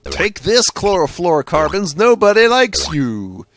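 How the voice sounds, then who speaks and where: A man's voice: high voice, sing-song, unhurried, a bit bright, slight background noise, voice pushed up, full character voice. A man voicing a triumphant male hero who proclaims he has saved the Earth. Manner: bombastic proclamation.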